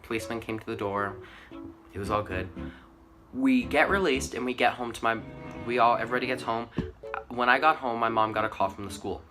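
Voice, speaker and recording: A teenage boy telling school stories to his channel in a rambling, casual way, full of "like" and "um". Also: fairly low pitch. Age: teens. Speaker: vlogger. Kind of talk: casual storytelling to camera.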